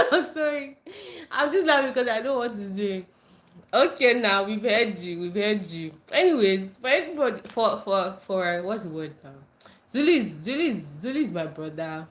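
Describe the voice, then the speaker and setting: A woman's voice: medium pitch, animated, normal speed. A woman hosting a casual livestream, reading viewer comments aloud and reacting with frequent laughter and squealed greetings. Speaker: livestream host.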